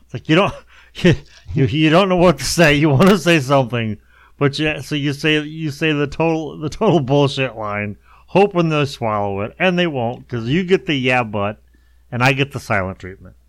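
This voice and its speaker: A man's voice: a little high, expressive, moderate pace, no room sound. A man co-hosting a talk show, blunt and wry, laughing between remarks. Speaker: radio show co-host. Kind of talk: casual talk-show chat.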